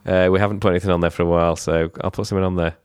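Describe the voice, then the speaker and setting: A man's voice: deep voice, little pitch movement, rapid-fire, smooth, dry recording, studio quality. A man co-hosting a podcast in casual chat, rambling with fillers and swearing loosely. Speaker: podcast co-host.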